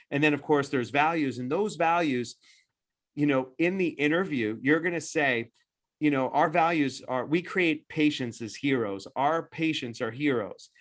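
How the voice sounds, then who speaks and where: A man gives an animated, sales-style webinar pitch as a business consultant. He talks in quick bursts, often restarting his phrases. His voice sits at an ordinary middle pitch. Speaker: dental practice-growth consultant. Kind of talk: webinar presentation.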